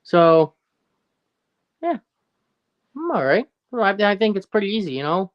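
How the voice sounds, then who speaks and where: Heard through a muffled recording, this Newfoundland man hosts a casual livestream at a measured pace. His high voice is very animated as he jokes, rambles, laughs frequently and reads viewer comments aloud.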